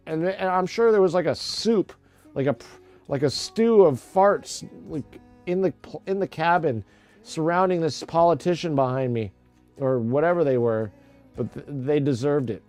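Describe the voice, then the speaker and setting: Man, middle-aged, casual livestream chat, jokey and crude, a bit high-pitched, soft music behind. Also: moderate pace. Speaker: livestream host.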